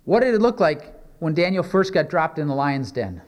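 A man's voice: on the high side, big pitch swings, normal speed. A male pastor preaching a sermon, reading scripture aloud and then explaining it in a conversational way with many rhetorical questions.

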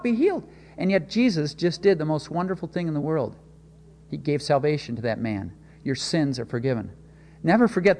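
Preacher man in a reverberant hall. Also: on the high side. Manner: expressive storytelling with sudden swings in loudness. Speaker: pastor. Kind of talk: sermon.

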